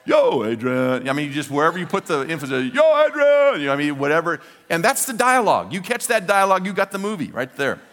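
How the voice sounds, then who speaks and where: Older pastor preaching in a reverberant hall. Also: male voice, on the high side, fast talker, few pauses. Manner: animated storytelling, repeats words for emphasis. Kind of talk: sermon.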